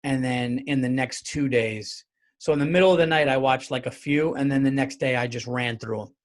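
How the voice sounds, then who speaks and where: A man hosting his own comedy podcast, talking solo in an animated, rambling, jokey way with some swearing. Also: mid-range voice, normal speed. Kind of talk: casual solo podcast monologue.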